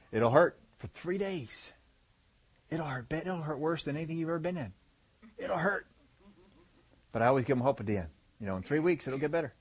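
A man's voice: medium pitch, husky. A man preaching a folksy, conversational sermon, acting out examples with groans and laughter.

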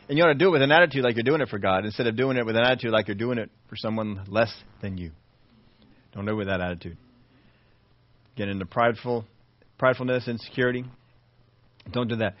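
Man preaching at mid pitch, rhetorical questions, captured dry and dull. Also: quick pace, pauses often, no echo. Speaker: pastor. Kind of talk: sermon. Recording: dull, dry lo-fi sermon audio.

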